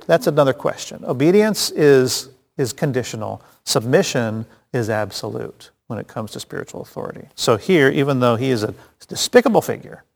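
A man's voice: medium pitch, creaky. A man teaching a casual Bible study, chatty and joking, with frequent restarts and asides. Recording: long hall reverb.

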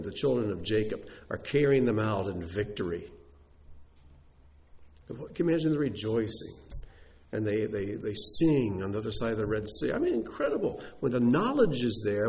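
A man's voice: mid-range voice, darkish tone. A man preaching a sermon who tells stories with emphasis and asks rhetorical questions.

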